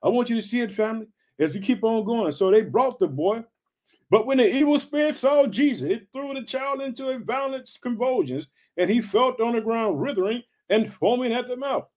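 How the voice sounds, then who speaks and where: A man preaching an energetic sermon, hyping up his listeners, calling them family and repeating his catchphrases. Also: very high-pitched.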